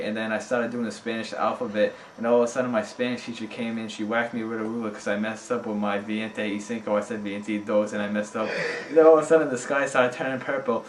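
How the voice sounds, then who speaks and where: A man rattling off an improvised nonsense story in a rapid, deadpan stream of absurd events, recorded among friends. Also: fairly low pitch. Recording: echoey room from a distance, faint noise.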